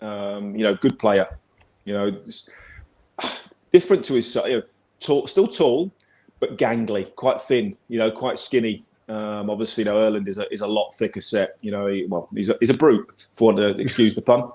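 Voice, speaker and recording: A man's voice: fairly low pitch, normal speed, a little mellow. A man in his forties with an English accent, chatting as a football pundit guest in a rambling, repetitive way over a video call. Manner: rambling, repeats words, chatty. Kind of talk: casual chat.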